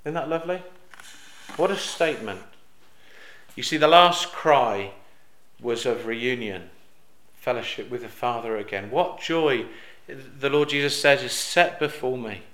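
A man preaching a sermon. He drops soft on reflective lines, hesitates with fillers and restarts, and rises to loud, emphatic peaks on quoted cries. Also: mid-range voice, measured pace, long pauses, echoey room.

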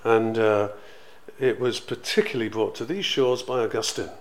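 A man teaching in a sermon, conversational and animated, retelling stories with acted quotes. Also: on the low side, moderate pace, slight background noise. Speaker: preacher.

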